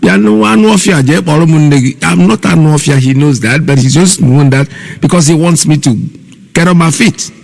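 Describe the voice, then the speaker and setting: A man's voice: a little high, measured pace, creaky, darkish tone, in a large hall. A man with a Nigerian accent hosting live online radio, scolding and mocking as he talks straight at his listeners. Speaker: radio host.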